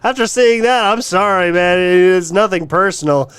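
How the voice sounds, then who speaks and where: High-voiced, animated mocking stream host. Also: male voice, normal speed, soft background music. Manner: mocking, crude, swears often. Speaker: livestream host. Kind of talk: casual livestream rant.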